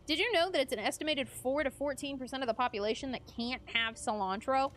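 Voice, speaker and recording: Casting note: young woman streamer, high bright voice, giggly and chatty, faint music behind. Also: fast talker. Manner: chatty, giggly, reads and greets chat. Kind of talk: casual live-stream chat while gaming.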